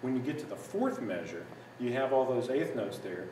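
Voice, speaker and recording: A man's voice: medium pitch, big pitch swings, moderate pace, warm tone. Man teaching sax phrasing in a roomy, noisy space. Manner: patient, methodical, sings phrases in scat syllables. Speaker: music teacher. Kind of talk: instructional walkthrough. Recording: echoey room from a distance with noise.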